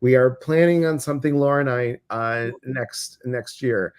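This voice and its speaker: A man with a Midwestern American accent hosting a casual livestream chat, talking in an animated way with many fillers and restarts. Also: medium pitch, moderate pace, clear, resonant tone. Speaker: host.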